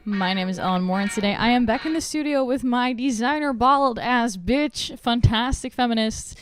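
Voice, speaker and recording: A woman's voice: fairly high pitch, normal speed, hardly any pauses. Young female host, bubbly and blunt, casual studio chat over music. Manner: bubbly, playful, outspoken. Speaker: podcast host. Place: small podcast studio. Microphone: studio microphone.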